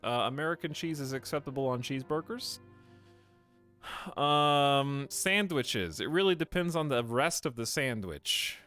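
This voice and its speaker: Lively young man streaming a game. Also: medium pitch, a little slow, faint music behind. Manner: rambling, talks to chat while playing. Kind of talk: casual live game stream chat.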